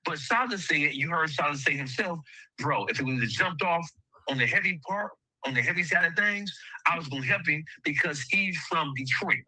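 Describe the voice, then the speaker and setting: A man's voice: on the high side, expressive, normal speed, sharp tone, no echo, poor audio. A man in an interview clip, telling a story bluntly with heavy cursing. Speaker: interview guest.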